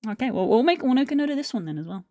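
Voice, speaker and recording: A woman's voice: on the high side, lively intonation, rapid-fire, mellow, no room sound. A young woman streaming while editing video, rambling and musing aloud to her chat in a casual way.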